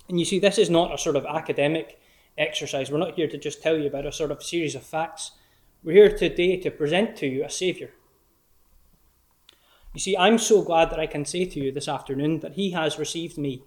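A man preaching a sermon in an earnest, measured way, slowing down when he quotes scripture. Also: on the high side, a little mellow.

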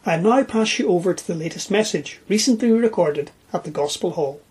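A woman reads the opening of a podcast in a formal, measured way. Her voice is very smooth and clean. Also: lowish voice, expressive, darkish tone. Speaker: podcast announcer. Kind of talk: read podcast introduction.

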